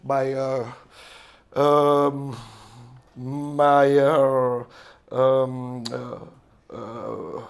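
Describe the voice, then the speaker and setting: A middle-aged man with a French accent, a volleyball coach lecturing other coaches, halting and searching for words with many fillers. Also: medium pitch, flat delivery, vocal fry. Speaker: volleyball coach giving a seminar talk.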